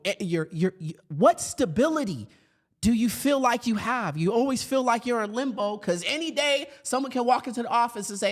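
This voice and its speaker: High-voiced man giving an animated motivational talk. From grew up in foster care. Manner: conversational, animated, many fillers and asides. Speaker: podcast host and speaker for educators.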